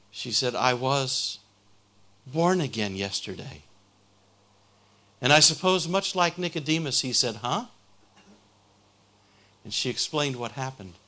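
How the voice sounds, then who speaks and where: Male preacher, slow deliberate delivery, bright forceful tone, fervent sermon storytelling. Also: mid-range voice.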